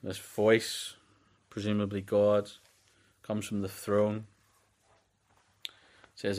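A man teaching through a book of the Bible in a loose, conversational way. He reads scripture aloud with a slightly low voice and carries on with easy restarts. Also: completely flat delivery, extremely slow, a little mellow. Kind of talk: conversational sermon.

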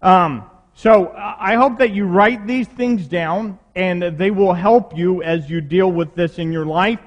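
A man preaching a sermon, talking conversationally with rhetorical questions to his congregation in a church. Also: high-pitched. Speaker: pastor. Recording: long reverb of a hall.

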